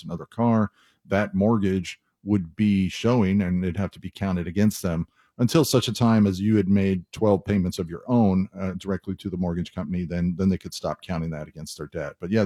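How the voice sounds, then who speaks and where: A male mortgage lender hosting a radio advice show, talking through loan costs plainly and conversationally. His voice sits low and mellow, recorded close and dry. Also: no room sound. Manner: conversational, explains step by step with many restarts. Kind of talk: radio call-in advice talk.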